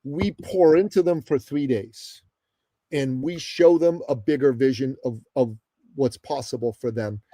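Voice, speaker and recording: Emphatic storytelling man, dark dry voice. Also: mid-range voice, no echo. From Middle East. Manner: emphatic, addresses the host often, dramatic pauses. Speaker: guest. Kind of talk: animated storytelling in a podcast interview.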